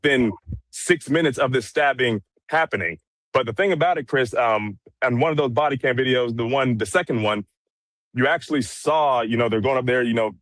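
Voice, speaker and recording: Guy chatting as a guest, mid pitch, lots of you-knows, dry sound. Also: fairly bright tone, no echo. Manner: conversational, many fillers. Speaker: guest commentator. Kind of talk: casual conversation.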